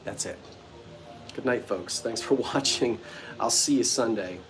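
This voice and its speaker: Speaking in a mid-range voice at an unhurried pace, this chatty man runs a live sale from an old bungalow's front porch, with music playing behind him. His casual livestream talk is playful, and he addresses viewers by name.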